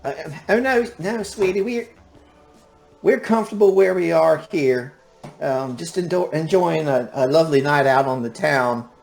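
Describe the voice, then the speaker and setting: A man's voice: on the high side, lively intonation, a little slow, vocal fry, a little mellow, faint music behind, voice pushed up. A man voicing a sugary-sweet woman passenger on a bus, placating and polite. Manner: syrupy, placating.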